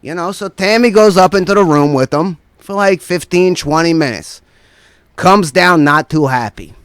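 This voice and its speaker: A man's voice: high-pitched, normal speed, fairly bright tone, clear, resonant tone, no echo, studio quality. A man performing a stand-up routine as a guest comedian, rambling through a profane story and tossing in constant "right?" asides.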